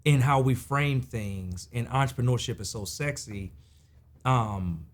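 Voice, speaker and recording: A man's voice: medium pitch, measured pace. A middle-aged man hosting a podcast, chatting playfully and joking with his guest in a casual, slangy way. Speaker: podcast host. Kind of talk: casual interview conversation.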